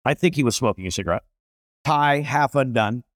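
A middle-aged man, a chef and restaurateur, telling stories as an interview guest in a lively, animated way. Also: mid-range voice, fairly quick, no room sound, studio quality. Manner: animated, acts out voices in stories. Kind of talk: storytelling interview.

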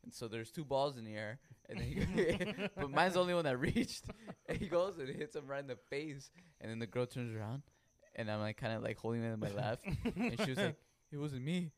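Male co-host, mid-range voice, relaxed storytelling, laughs along. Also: mid-range voice, brisk, few pauses. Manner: laughing while telling a story. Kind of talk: casual chat.

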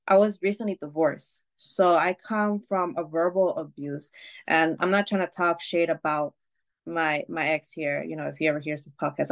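A woman guest on a podcast, telling a personal story candidly, with swearing, fillers and restarts. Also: fairly low pitch. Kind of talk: casual storytelling.

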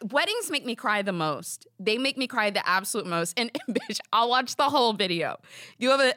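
Bright, lively young woman chatting. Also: a little high, no echo, clean studio sound. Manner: giggly, rambling, self-deprecating. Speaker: podcast host. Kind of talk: casual chat. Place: studio.

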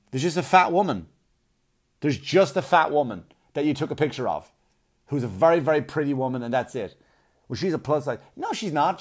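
A man's voice: a little high, expressive, fairly quick, darkish tone. A man on a blunt, profane comic rant, arguing and mocking as he goes. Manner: blunt, swearing, argumentative, mocking.

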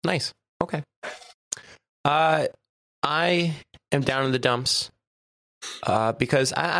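A man's voice: a little high, takes it slowly, creaky, pauses often, a bit bright, dry recording, clean studio sound. A man co-hosting a podcast in casual chat, a little stuffy, chatty and laughing often. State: stuffy nose. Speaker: podcast co-host.

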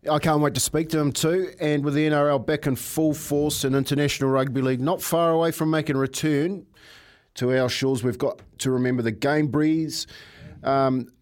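A man's voice: a little high, steady tone, normal speed. A man in his fifties hosting a sports radio show, bantering in a jokey, matey way. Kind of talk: casual radio chat.

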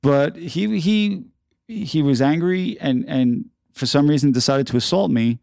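A middle-aged New man tells a story on his podcast, his low voice gravelly and dark. He talks casually, full of "uh" and "you know", and gets louder when he replays an argument. The sound is smooth and dry, close to the mic. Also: unhurried, no room sound. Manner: conversational, frequent "uh" and "you know", acts out quoted exchanges with rising voice. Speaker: podcast host.

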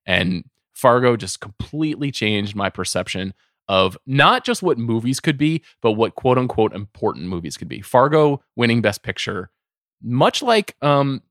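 A middle-aged man talks films on a podcast, earnest and a little rambling, stacking up repeated words when he gets carried away. His voice sits at an ordinary pitch for a man. The studio sound is dry and close, with no room around it. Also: sing-song, unhurried, fairly bright tone, no echo. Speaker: podcast co-host. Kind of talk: casual film chat.

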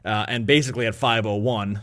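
A man's voice: lowish voice, fairly even intonation, a little fast, a bit bright. A man co-hosting a sports podcast in casual chat, rambling and correcting himself as he goes. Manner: rambling, self-correcting, chuckles. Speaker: podcast co-host, betting analyst.

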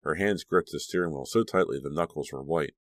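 A man narrating an audiobook with a dramatic, expressive reading. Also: a bass voice, brisk, no room sound.

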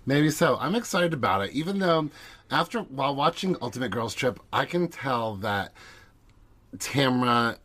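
A man's voice: mid-range voice, lively intonation, moderate pace, fairly bright tone. A man co-hosting a casual chat podcast, chatty and teasing as he gossips, recording in a small closet at home. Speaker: podcast co-host.

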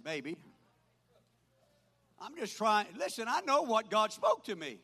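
An older man preaching a sermon as pastor, swinging from loud proclaiming to quiet asides. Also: high-pitched, very animated, a little slow, pauses often, slightly rough. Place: church. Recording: hall reverb.

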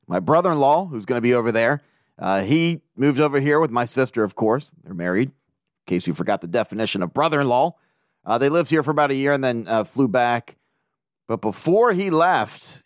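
A man's voice: medium pitch, no room sound, clean studio sound. A man from the area, hosting a casual sports podcast, brash and joking and swearing freely. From Baltimore area. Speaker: podcast host.

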